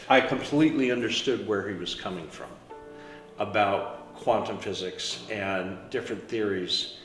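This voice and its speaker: Painter, male, lowish voice, relaxed storyteller; roomy echo, faint music bed. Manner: unhurried, storytelling, trailing fillers. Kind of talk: reflective studio talk. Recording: echoey room with soft music.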